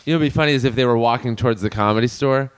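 A man's voice: mid-range voice, racing, clear, resonant tone, no room sound. A man co-hosting a podcast, chatting casually with short reactions and joking questions. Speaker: podcast co-host.

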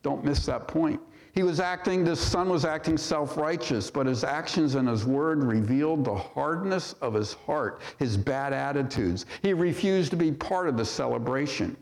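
Preaching in a church sanctuary, a man reads scripture and reflects on it with rhetorical questions for the congregation, the room's long reverb trailing his words. His voice is on the high side and darkish, expressive with vocal fry, moving at normal speed with hardly any pauses.

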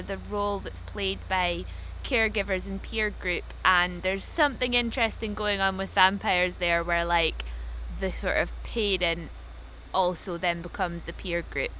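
Bright-voiced woman thinking aloud. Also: medium pitch, fairly even intonation, normal speed, slight background noise, rough recording. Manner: thinks aloud in long explanations. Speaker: podcast co-host. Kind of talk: casual discussion.

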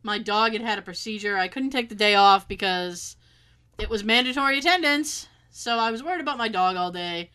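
A woman's voice: medium pitch, a little fast, sharp tone, clean tone. A woman casually telling a story and acting out the quotes, swearing freely.

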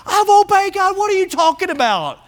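A man's voice: sing-song, a little fast. A preacher putting on a squealing defensive king. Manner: squealing, high-pitched protest. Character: whiny defensive male king insisting he obeyed.

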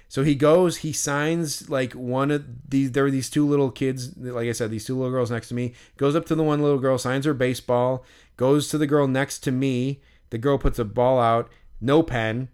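A man with a smooth, resonant voice at an ordinary middle pitch. He co-hosts a podcast and tells stories in a loose, animated way. He rambles, piles up "like" and "you know", and swears casually. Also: normal speed. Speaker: podcast co-host. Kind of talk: casual storytelling chat.

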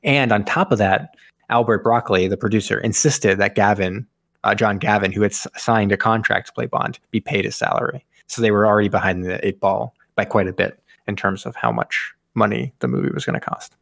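A man's voice: fairly low pitch, a little fast, vocal fry, fairly bright tone, no echo, clean studio sound. A man hosting a podcast, rambling through movie trivia in casual chat with jokey asides. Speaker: podcast host.

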